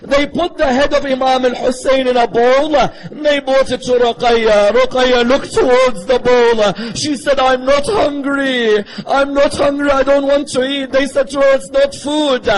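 High-voiced man preaching with feeling. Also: level tone, measured pace, few pauses, low-quality recording. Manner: emotional storytelling, rhetorical questions to the audience. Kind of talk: impassioned religious sermon.

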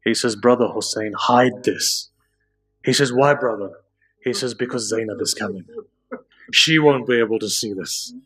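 A man preaching a sermon, slowing down and rising to high, impassioned pleading as he tells stories. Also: fairly bright tone, breathy edge. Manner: slow, drawn-out emphasis. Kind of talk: emotional religious sermon.

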